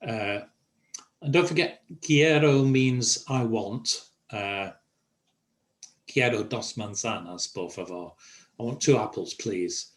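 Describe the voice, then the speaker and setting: An older man teaching a Spanish class over a video call, pausing often with fillers. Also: on the low side. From England. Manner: halting, many fillers. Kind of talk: online language lesson.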